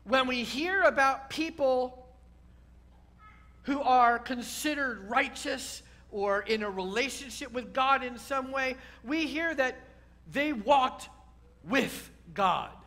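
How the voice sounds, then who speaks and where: A man's voice: very high-pitched, slow, pushed and bright. A man, a rabbi, preaching a sermon to a congregation, repeating key words and building to emphatic peaks.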